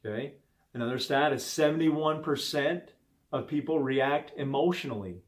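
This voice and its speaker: A man's voice: fairly high pitch, moderate pace. A man in his thirties hosting a casual talk, telling a story from his home life in an earnest, conversational way. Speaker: host. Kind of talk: casual talk on stress management.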